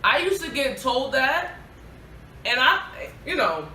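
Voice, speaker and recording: A woman with a New York accent, chatting in a lively way as a podcast co-host. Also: high-pitched, slow. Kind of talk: casual group chat. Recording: echoey room, mic at a distance, faint hiss.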